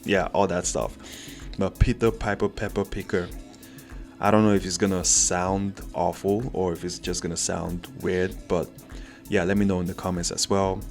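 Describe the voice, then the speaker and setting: A man's voice: low-pitched, flat delivery, moderate pace, soft background music. A man casually reviewing a budget microphone, chatty and self-deprecating, talking straight to his viewers from an indoor home setup. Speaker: tech reviewer. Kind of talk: casual product review vlog. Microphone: USB condenser mic at close range.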